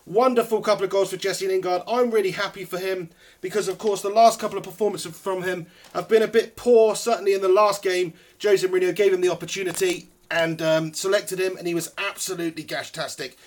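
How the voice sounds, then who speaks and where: Excitable, high-voiced football fan. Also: male voice, fairly quick. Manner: excitable, chatty, informal. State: a bit out of breath. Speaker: football fan channel host. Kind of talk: live post-match reaction stream.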